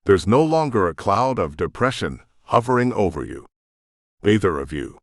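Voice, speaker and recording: A man's voice: lowish voice, very animated, moderate pace, no room sound, clean studio sound. A man reading the lines of a friendly woman who teases her housemate in an audiobook. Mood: teasing. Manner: wry, teasing.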